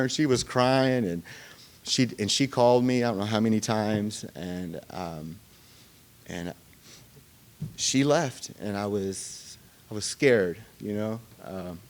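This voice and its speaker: A man's voice: mid-range voice, darkish tone. A man telling his recovery story to a meeting in a loose, conversational way. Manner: conversational storytelling, many fillers and pauses. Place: meeting room.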